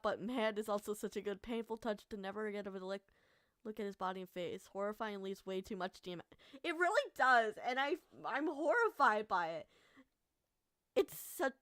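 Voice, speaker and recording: A woman's voice: mid-range voice, fairly bright tone, dry recording. Emotional woman streamer reading a game aloud. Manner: emotional, reacts aloud and swears. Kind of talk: reading a visual novel aloud with commentary.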